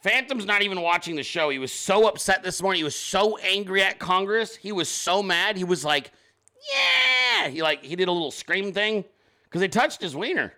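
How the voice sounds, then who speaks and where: A man's voice: sits high, brisk, bright, forceful tone. A man hosting a show, talking in a casual, rambling, profane and joking way, including informal sponsor reads. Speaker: show host. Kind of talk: casual live-stream commentary.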